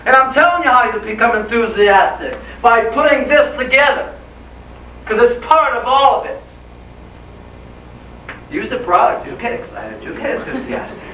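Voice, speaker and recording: At a live seminar, a motivational speaker with a very high, bright voice delivers an enthusiastic talk, throwing rhetorical questions at the crowd. He sounds far from the mic, his voice echoing through a roomy hall over a faint hum.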